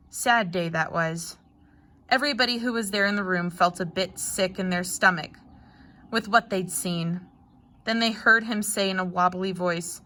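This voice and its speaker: A woman teacher reads a Bible story to young children and talks to them gently as she goes. Her voice is bright and clear. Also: lowish voice.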